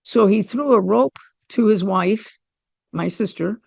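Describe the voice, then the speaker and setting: A middle-aged woman from the United States, a podcast guest telling a personal story in an animated way and acting out her own quoted lines. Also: medium pitch, measured pace, gravelly, dry recording. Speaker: interview guest.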